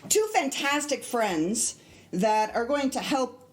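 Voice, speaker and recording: A woman theatre director on a podcast, explaining a play in an expressive, measured way. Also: fairly high pitch. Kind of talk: casual podcast chat.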